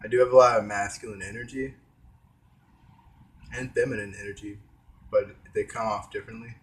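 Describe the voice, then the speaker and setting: A man's voice: lowish voice, steady tone, fairly quick, slight background noise. A young man vlogging in a rambling, hesitant casual monologue, talking while eating with his mouth full. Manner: hesitant, trailing off, many fillers.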